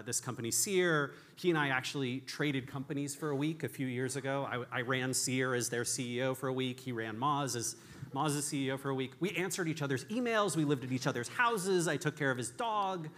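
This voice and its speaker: A man tells stories from the stage in a candid, self-deprecating keynote talk. His voice is bright and forward, and his pitch sits in a middle range. He often restarts his sentences as he thinks aloud. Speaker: conference speaker.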